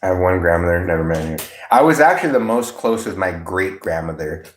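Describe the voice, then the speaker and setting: A man's voice: low-pitched, animated, fairly quick, slight background noise. A man hosting a livestream, chatting casually with viewers in a blunt, profane, laid-back way. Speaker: livestream host. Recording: roomy echo.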